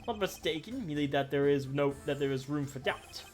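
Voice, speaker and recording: A composed, formal male prosecutor, read by a woman in her own low voice, measured and self-assured, with a lively lift to her pitch. It is video game dialogue over faint background music. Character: calm, confident male prosecutor, adult.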